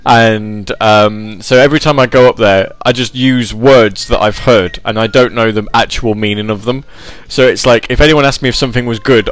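A man's voice: lowish voice, fairly even intonation, normal speed, few pauses. A man hosting a casual chat show, rambling and joking with lots of fillers and restarts. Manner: rambling, jokey, puts on silly voices. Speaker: podcast host.

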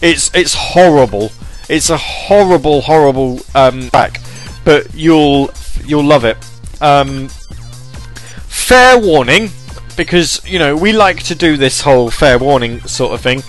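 A man's voice: a little high, animated, a little slow, soft background music. A man hosting a podcast alone, rambling and self-deprecating, with many fillers and restarts. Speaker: podcast host. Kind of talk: casual solo podcast chat.

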